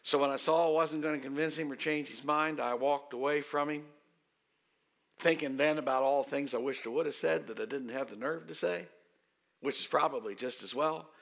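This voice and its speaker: Male pastor in his fifties, sermon storyteller, gravelly and bright, slightly high voice. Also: fairly even intonation. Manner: conversational and self-deprecating, with dramatic pauses.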